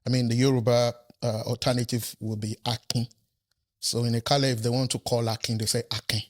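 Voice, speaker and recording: A male professor from Nigeria speaks as a podcast guest in a studio. His mid-pitched voice stays measured as he explains his points, often pausing to check in with the host. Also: flat delivery, darkish tone. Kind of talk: conversational interview.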